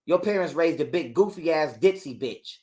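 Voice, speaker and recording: Man, high-pitched, heated, profane, slangy storyteller on a call. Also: lively intonation, darkish tone. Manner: heated, profane, talks fast in street slang. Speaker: guest telling a personal story.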